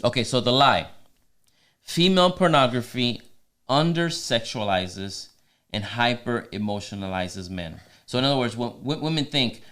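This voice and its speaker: A man's voice: mid-range voice, lively intonation, normal speed, a bit bright. A man co-hosting a faith-based marriage podcast, talking earnestly in a casual way with frequent restarts. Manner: earnest, many restarts, teasing asides. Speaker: podcast co-host.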